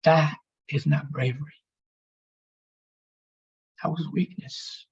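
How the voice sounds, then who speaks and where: A man telling his near-death story as emotional personal testimony, halting and pausing as he speaks. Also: a little high, steady tone, a little mellow, breathy edge, dull audio. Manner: halting, emotional, with pauses and restarts.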